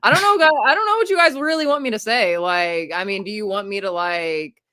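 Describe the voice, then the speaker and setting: A woman's voice: medium pitch, fairly quick, sharp tone, clear, resonant tone, no room sound. A young adult woman streamer chatting casually, blunt and profane, often laughing. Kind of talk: casual reaction-stream chat.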